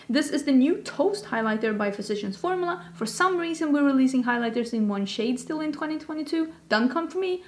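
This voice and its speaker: A woman's voice: high-pitched, animated, fairly quick, hardly any pauses. A woman hosting a casual beauty vlog, chatty and rambling, with self-deprecating asides. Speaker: beauty vlogger host. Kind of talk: casual chat.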